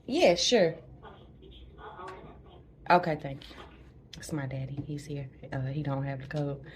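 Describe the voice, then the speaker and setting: A woman telling the story of giving birth in a chatty way, laughing often and dropping to a hush at times, in a hospital room. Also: low voice, unhurried. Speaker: new mother recounting a birth. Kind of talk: casual storytelling to camera.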